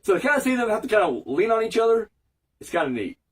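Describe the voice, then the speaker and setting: High-voiced man rambling through a review. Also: sing-song, fast talker, husky, distant mic. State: fighting a cold. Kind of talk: casual episode recap review.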